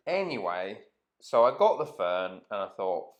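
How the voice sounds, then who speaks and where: A man's voice: on the low side, sing-song, measured pace, muffled recording. Man, casual vlog anecdote, rambling, sweary. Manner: chatty, swears freely, trails off and restarts. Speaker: vlogger.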